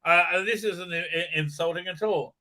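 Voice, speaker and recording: A man's voice: high voice, moderate pace, bright, forceful tone. A man ranting sarcastically in a show review, swearing often and full of fillers and restarts. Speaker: commentator.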